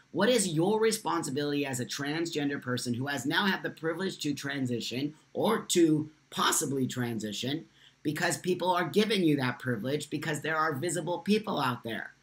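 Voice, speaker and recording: A man's voice: on the high side, a bit bright. A man hosting a live stream from his phone, answering viewers' comments. He speaks with impassioned emphasis and repeats lines for force.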